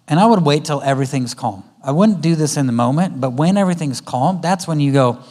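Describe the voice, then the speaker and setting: With lively intonation and a mid-range, slightly mellow voice, a guest speaker moves a little fast with few pauses through a parenting talk at a church conference. Staged in a church auditorium, the talk has him often voicing both parent and child in their exchanges.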